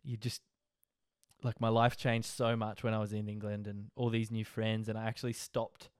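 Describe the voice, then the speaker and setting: Young Aussie male host, smooth dry voice, rambling and easygoing. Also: fairly low pitch, little pitch movement, normal speed, no echo. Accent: Australian. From Australia. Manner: rambling, laid-back, frequent fillers and laughs. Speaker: podcast host. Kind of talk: casual life-story monologue.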